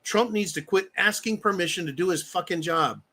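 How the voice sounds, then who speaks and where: A man's voice: high voice, normal speed, bright, forceful tone. Angry guy ranting on his livestream, tense edgy voice, cussing a lot. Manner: angry, profane, heated ranting; reads viewer comments aloud. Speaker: livestream host. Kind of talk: live-stream political rant.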